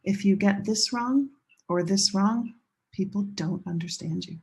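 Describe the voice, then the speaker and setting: A woman teaching a pronunciation lesson, leading learners through slow chanted drills. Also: medium pitch, darkish tone, slightly rough. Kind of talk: classroom lesson.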